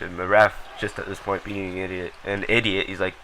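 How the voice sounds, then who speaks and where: A man's voice: deep voice, level tone, fast, few pauses, pushed and bright, a little hiss or hum, rough recording. A young man casually commenting over a recorded hockey match, rambling with lots of ums and blunt, profane remarks. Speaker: gameplay commentator.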